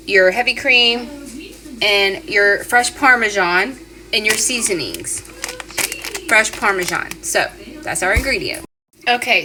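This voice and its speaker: A woman's voice: medium pitch, noisy background. A woman, chatting with viewers in a casual home cooking vlog from her kitchen. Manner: chatty, addresses viewers as y'all and guys.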